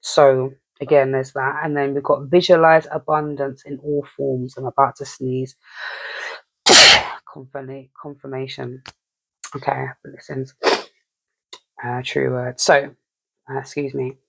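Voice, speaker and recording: A spiritual reader with a gravelly, mid-range voice and level tone speaks a little slowly in a dry recording. The message is casual and rambling, and the chatty speaker keeps checking in by asking "you know what I mean."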